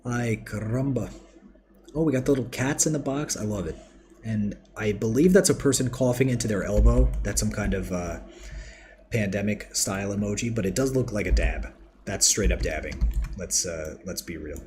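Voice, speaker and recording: A man with a very deep voice hosts a live game stream, rambling cheerfully and thanking his chat as he works. Keyboard typing and mouse clicks clatter clearly behind him. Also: normal speed, darkish tone, a little hiss or hum. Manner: chatty, rambling, reads chat aloud and thanks viewers. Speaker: livestream host. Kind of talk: casual live game-building commentary.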